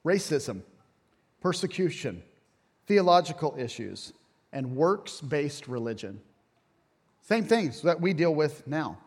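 A man preaching a sermon as pastor, animated and folksy, with jokes and asides. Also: fairly high pitch, slow, long pauses, slightly rough, long reverb tail. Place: church sanctuary.

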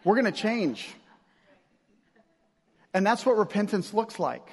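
A man's voice: sits high, lively intonation, measured pace, husky. A man preaching a sermon as pastor, in a casual, conversational way with slang and acted-out asides. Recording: long hall reverb.

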